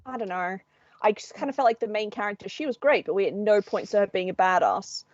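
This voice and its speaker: A woman's voice: mid-range voice, fast talker, dull audio. An Australian woman co-hosting a podcast, chatting casually and acting out voices in her stories. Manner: animated storyteller, acts out voices. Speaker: podcast co-host. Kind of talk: casual chat.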